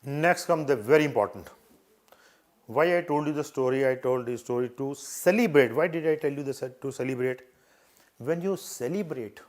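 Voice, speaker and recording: A man's voice: a little high, darkish tone. An older man from India gives earnest advice on interview etiquette. He repeats key points and acts out greetings and gestures as he goes. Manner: earnest, repetitive advice with demonstrations. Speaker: interview coach. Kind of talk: live coaching session.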